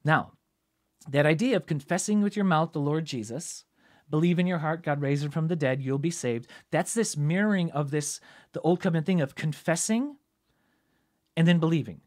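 Male preacher with a slightly higher voice, informal Bible teaching, chatty and thinking out loud. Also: moderate pace. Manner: conversational, thinks aloud, frequent "right?" asides.

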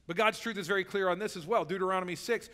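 A man's voice: sits high, fairly even intonation, racing, sharp tone, in a large hall. A man preaching a sermon as pastor, in a conversational way that keeps checking in with the listeners. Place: church sanctuary.

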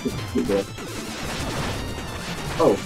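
A man hosting a let's play, commentating casually and excitably, swearing a lot. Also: very slow, music in the background.

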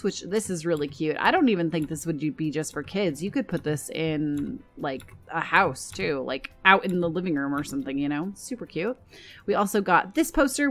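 A young American woman talking casually as she shows items in a game, gushing over things she likes, with a scratchy throat that keeps catching. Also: lowish voice. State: throat trouble and hiccups. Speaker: gaming YouTuber.

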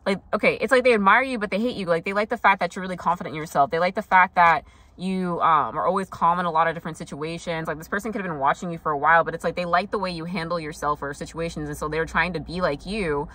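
A woman's voice: lowish voice, quick pace, bright, forceful tone, no echo. A young woman doing a casual tarot reading, talking loosely with lots of fillers and frank swearing. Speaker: tarot reader.

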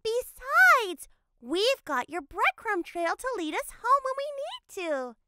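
A woman doing an excitable young girl twin. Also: very high-pitched, slow, no echo, clean studio sound, exaggerated voice. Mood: excited. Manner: excitable, exclaiming.

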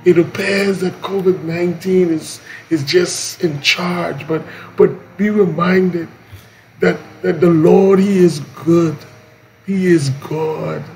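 A man leading a morning devotion, preaching slowly and emphatically and repeating key lines. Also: high-pitched, steady tone, a little mellow, soft background music, rough recording.

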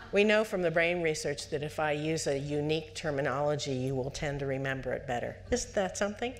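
A woman psychologist giving a lecture to parents at a conference, lively and conversational, putting on the voices of parents and children and asking the audience questions. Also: sits low, quick pace, few pauses. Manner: asks the audience direct questions.

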